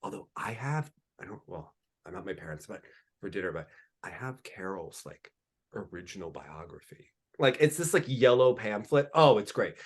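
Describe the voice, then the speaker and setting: Animated gossipy man chatting about skating. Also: lowish voice, moderate pace, husky. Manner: gossipy, animated, sassy asides. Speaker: podcast co-host. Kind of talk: casual chat.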